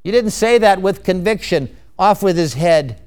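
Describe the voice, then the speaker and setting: An arrogant ancient king, as a preacher puts him on, snaps out curt, imperious orders. His voice is clear and fairly high for a man. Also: lively intonation, moderate pace, darkish tone.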